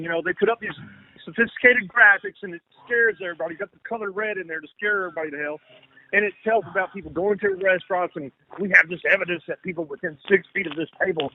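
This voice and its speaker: A man in casual conversation, talking in a rambling, profane way and repeating himself. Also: sits high. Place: lives in Texas. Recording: tinny phone-like line, faint hiss.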